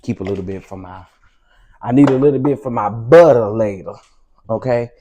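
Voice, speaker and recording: A man's voice: medium pitch, moderate pace, warm tone, a little hiss or hum. Chatty Southern man cooking at home. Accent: Southern American. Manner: chatty, calls viewers "baby" and "y'all". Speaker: cooking show host. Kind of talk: casual cooking livestream. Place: home kitchen.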